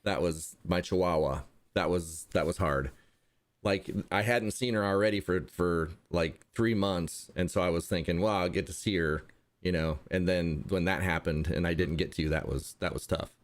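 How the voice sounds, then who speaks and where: A man speaking as a guest in a casual interview, his voice pitched somewhat low. He rambles with halting restarts and a dry sense of humor. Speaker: interview guest, content creator. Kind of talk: casual conversation.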